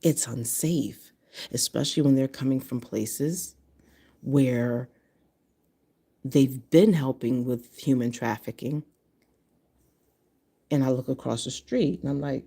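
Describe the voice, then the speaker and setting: A woman's voice: extremely low pitch, lively intonation, slow, vocal fry, pauses often, mellow, slightly rough. A woman in her fifties from Connecticut, talking bluntly and profanely in a casual monologue to camera. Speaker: vlogger.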